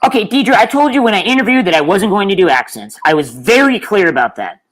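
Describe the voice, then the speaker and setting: A woman's voice: mid-range voice, big pitch swings, fast, low-quality recording. A woman playing an exasperated put-upon employee. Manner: exasperated, rambling, indignant. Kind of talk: improvised comedy scene.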